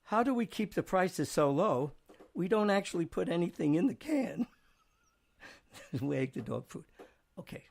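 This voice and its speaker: A man's voice: high voice, very animated, unhurried, gravelly, pauses often, a little mellow. A man hosting a casual studio chat show, rambling and chuckling as he reads out jokes. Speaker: show host.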